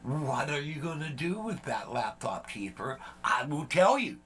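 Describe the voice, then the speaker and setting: A man's voice: fairly high pitch, very animated, a little slow, a bit bright, husky. A man, chatting casually as a vlog host, rambling and joking with lots of fillers and asides. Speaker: channel host.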